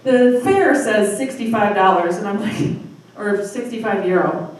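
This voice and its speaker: A woman's voice: mid-range voice, distant mic. Chatty woman telling a story in an echoey room. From Michigan, USA. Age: 30s. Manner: chatty, self-deprecating, quick asides. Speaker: storytelling night host. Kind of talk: live personal storytelling. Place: live storytelling venue with audience. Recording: echoey room from afar, faint noise.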